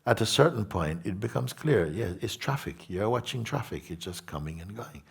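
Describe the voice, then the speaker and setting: Low husky-voiced spiritual teacher. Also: male voice, lively intonation. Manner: gentle, unhurried, repeats words and asks listeners questions. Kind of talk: satsang talk to an audience.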